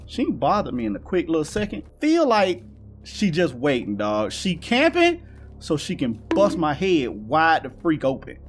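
A young man giving excitable, slangy let's-play commentary while playing a horror game. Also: a little high, a little hiss or hum. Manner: excitable, slangy banter with viewers. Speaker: gaming commentator.

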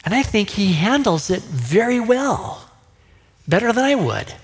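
Man, pastor, sermon, conversational, unhurried, slightly high voice, hall echo. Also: sing-song. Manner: conversational preaching, acts out voices of people in the story. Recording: long hall reverb.

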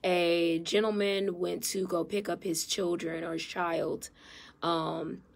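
Earnest woman therapist, lowish voice with some fry, casual live-stream talk from a phone. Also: fairly even intonation, slow. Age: adult, married mother. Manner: earnest, heartfelt, emotional. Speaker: therapist and vlogger.

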